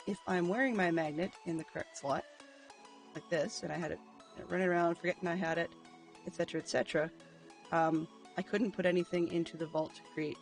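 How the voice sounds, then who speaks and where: A man's voice: sits high, vocal fry. A man streaming a video game live, chatting casually and thinking aloud with lots of ums and dry, self-mocking humor. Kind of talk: casual gameplay commentary.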